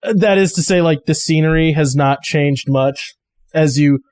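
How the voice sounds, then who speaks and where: A man's voice: fairly high pitch, unhurried, darkish tone, dry recording. A man narrating a tabletop game as game master, casual and chatty with many fillers.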